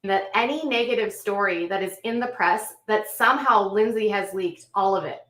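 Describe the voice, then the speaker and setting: A woman host recapping a story and adding her own commentary, in a measured way with frequent ums and self-corrections. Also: medium pitch, fairly bright tone. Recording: echoey room, voice a bit off the mic.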